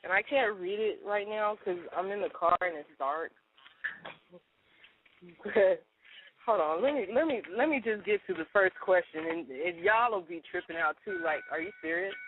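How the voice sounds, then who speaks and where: A woman's voice: medium pitch, expressive, slight background noise. Ranting woman on a phone line. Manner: indignant, ranting, talks fast. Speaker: co-host. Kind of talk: casual radio chat, reading a letter aloud. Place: in a parked car. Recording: tinny dry phone line.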